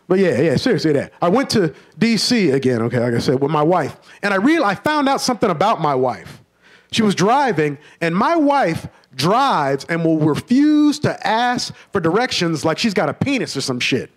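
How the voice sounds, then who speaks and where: Stand-up guy, high voice that jumps all over, animated and loose. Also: moderate pace. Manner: animated, swings into high-pitched character voices. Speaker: stand-up comedian. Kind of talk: stand-up comedy. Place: comedy club stage.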